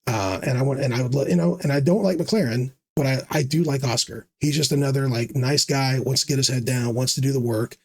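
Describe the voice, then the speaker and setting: A man's voice: medium pitch, fairly quick, hardly any pauses. A man rambling through casual commentary, sarcastic and teasing, full of fillers and restarts. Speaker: fantasy sports video host.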